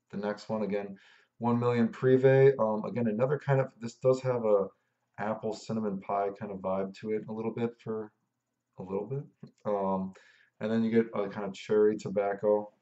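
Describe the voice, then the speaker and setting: A man's voice: fairly low pitch, creaky, dark tone, lo-fi sound. A man giving a laid-back, rambling spoken review of fragrances, describing them in loose detail.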